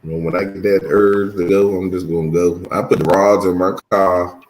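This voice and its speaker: A man's voice: low-pitched, fairly even intonation, normal speed, a little mellow. A man chatting casually as co-host in a laid-back drawl. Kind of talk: casual chat. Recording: echoey room, faint noise.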